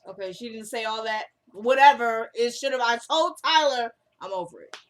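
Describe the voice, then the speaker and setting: A woman's voice: fairly high pitch, normal speed. A woman chatting casually as she recaps a TV drama episode, acting out the characters' lines and tossing in joking asides. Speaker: TV recap vlogger.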